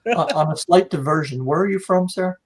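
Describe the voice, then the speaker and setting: A man's voice: on the high side, a little fast, a little hiss or hum. A podcast host joking with his guest in a teasing, casual way. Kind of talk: casual interview chat.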